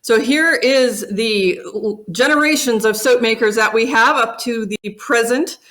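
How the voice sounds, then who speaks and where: A woman's voice: fairly high pitch, unhurried, a bit bright. A middle-aged woman giving a conference keynote talk and telling her family's history in an earnest, reflective way. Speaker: keynote speaker from a family company.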